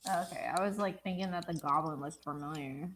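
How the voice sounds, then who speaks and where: A woman's voice: fairly low pitch, a little fast, fairly bright tone, a little hiss or hum. A woman playing in a tabletop game, talking in a chatty, slightly hesitant way. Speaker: player. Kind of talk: casual tabletop game talk.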